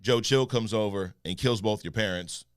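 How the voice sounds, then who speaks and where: A man co-hosting a podcast in casual, animated chat, joking and mimicking voices. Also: lowish voice, normal speed, clean tone, no echo, studio quality. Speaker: podcast co-host.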